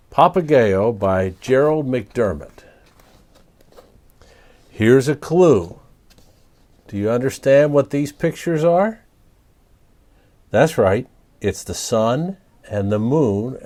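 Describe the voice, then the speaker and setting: A man reading a picture book aloud to children, speaking gently and pausing to ask the young listeners questions. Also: medium pitch. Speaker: storyteller.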